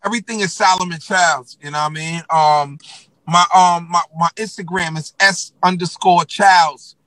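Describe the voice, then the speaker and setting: A man's voice: high voice, fairly even intonation, moderate pace, pushed and bright, no room sound, rough recording. A man from New York telling stories as a guest rapper in a casual interview, slangy and profane with many fillers.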